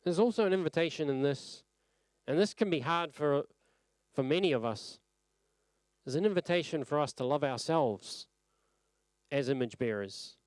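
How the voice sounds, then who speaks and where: A man delivers a church sermon in an earnest, reflective way. His voice sits a little high and sounds smooth and resonant, and his phrases sink gently at their ends. The sound is dry and close. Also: lively intonation, moderate pace, pauses often, no room sound. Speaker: preacher. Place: church service.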